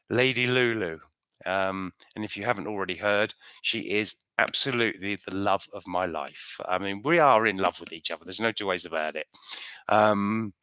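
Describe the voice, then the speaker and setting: A man's voice: lowish voice, sharp tone, no room sound, studio quality. A man from the United Kingdom answering viewer questions in a casual live stream at home, chatty and rambling, often restarting his sentences.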